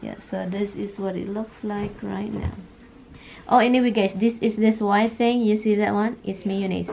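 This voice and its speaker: A Filipino-accented woman vlogging casually at home, chatty and quick to laugh, with non-native grammar. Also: medium pitch, steady tone, gravelly, background noise. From Philippines. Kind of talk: casual home vlog chat.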